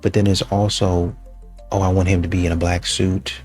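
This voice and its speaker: Man, very low voice, conversational, wry, faint music. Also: level tone, normal speed, darkish tone. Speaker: commentator.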